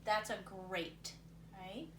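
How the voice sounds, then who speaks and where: A woman's voice: mid-range voice, slow pace, fairly bright tone. A woman teacher talking young students through a word game, encouraging them and thinking aloud as she goes. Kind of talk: recorded reading lesson for young students. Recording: roomy sound from a distance, faint noise.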